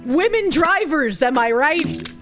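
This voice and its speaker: A young woman streamer giving casual movie commentary, rambling and animated, with many fillers and restarts. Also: sits high, slow, over loud music.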